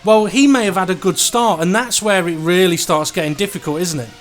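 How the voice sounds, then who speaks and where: A man doing live race commentary, who gets excited during close battles. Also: high voice, a little fast. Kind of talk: live sim racing commentary.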